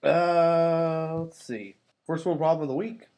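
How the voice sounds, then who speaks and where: A man's voice: fairly high pitch, steady tone, slow pace, a little mellow. A man co-hosting a casual podcast, mostly giving short, hesitant replies. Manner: brief agreeing replies, hesitant. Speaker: podcast co-host.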